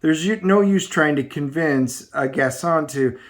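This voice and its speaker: A man's voice: on the high side, measured pace, natural voice. A man reading the lines of a weary, proud old swordsman aloud in a plain voice while reviewing a comic.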